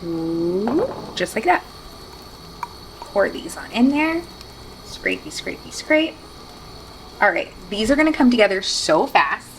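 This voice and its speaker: A woman's voice: mid-range voice, sing-song, measured pace, pauses often, a little hiss or hum, low-quality recording. A woman hosting a casual cooking demonstration in a home kitchen, chatty and self-deprecating with joking asides. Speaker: cooking show host.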